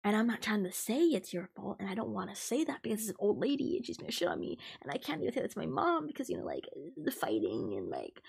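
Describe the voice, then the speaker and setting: A young woman hosts a casual podcast, telling a work story as an animated, swearing rant. Her voice is gravelly with fry and has a husky, breathy grain. She talks in a dramatic, fired-up way. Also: medium pitch, quick pace. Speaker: podcast host. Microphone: podcast mic, recorded live.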